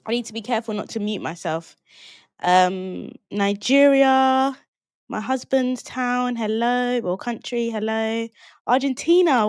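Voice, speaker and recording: A woman's voice: fairly high pitch, smooth, no echo, studio quality. Upbeat woman teaching live online. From London, England. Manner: chatty and upbeat, greeting viewers by name with quick laughs. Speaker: business coach hosting a live online masterclass. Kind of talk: casual live-stream teaching.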